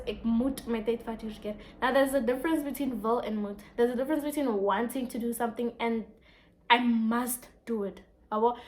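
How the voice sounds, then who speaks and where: A woman's voice: on the high side, fairly bright tone. A woman explaining a poem in a casual lesson, reading lines aloud and asking rhetorical questions.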